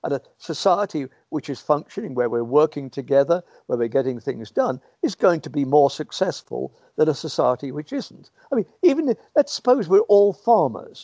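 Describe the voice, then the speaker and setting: A man speaking in a slightly high voice gives long, meandering interview answers and slips into little acted-out quotes of what people might say. The audio is dull and lo-fi, very dry, like a remote call. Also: mellow, no echo. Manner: thoughtful, rambling, acts out quoted speech.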